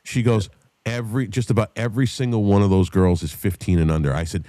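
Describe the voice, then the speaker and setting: A man tells a story on a podcast, animated and full of swearing. His voice sits fairly low, and the sound is dry and close. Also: fast talker, no room sound. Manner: animated storyteller, shouts when acting out others. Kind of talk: profane casual storytelling.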